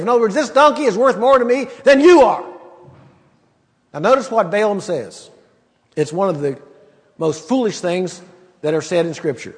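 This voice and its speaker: A man's voice: high-pitched, normal speed, long pauses, long reverb tail. A man preaching a sermon and teaching from the Bible, talking conversationally and emphatically with rhetorical questions.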